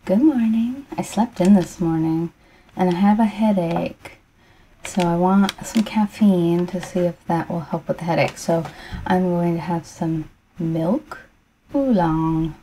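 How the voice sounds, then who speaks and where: A woman in a soft-spoken ASMR tea ramble at home, talking in an unhurried, rambling way with a froggy morning voice. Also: on the low side, fairly even intonation, a little hiss or hum, poor audio. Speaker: ASMR creator.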